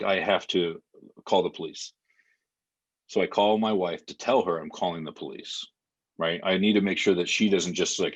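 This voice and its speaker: A man's voice: deep voice, husky, lo-fi sound. A man in his thirties, a podcast guest, telling an emotional story with lots of fillers. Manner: vivid retelling with many fillers.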